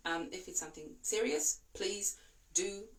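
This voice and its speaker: A woman, a voice and breathing coach whose first language is not English, giving calm, reassuring instructions and demonstrating slow breaths. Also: fairly low pitch, recorded from a distance. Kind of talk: instructional talk to camera.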